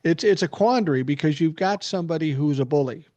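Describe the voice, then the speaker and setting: A man's voice: a little high, fast, darkish tone, no room sound. Opinionated older man hosting, dry sound. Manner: explains at length, opinionated. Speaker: podcast host. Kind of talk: casual chat.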